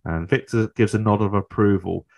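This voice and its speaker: Very low-voiced British man, chatty podcast host, laughs easily. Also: fairly quick, gravelly, a little mellow. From Britain. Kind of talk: casual chat commentary.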